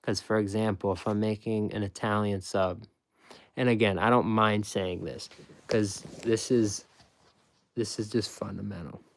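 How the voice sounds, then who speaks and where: Low-voiced man explaining, repeating himself. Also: fairly even intonation, measured pace, creaky. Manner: repetitive, restarts often, emphatic; explains step by step. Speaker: former sandwich shop worker. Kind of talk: casual explanation.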